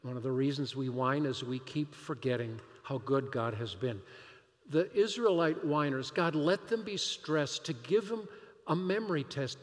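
Animated man preaching in a reverberant hall. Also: medium pitch, normal speed. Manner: animated, rhetorical questions, emphatic. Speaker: pastor. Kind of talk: sermon.

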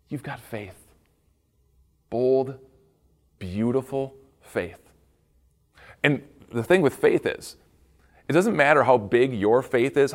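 Speaking to students in a mid-range voice, a middle-aged man who serves as school pastor gives a devotional. He performs each quoted line while narrating the story.

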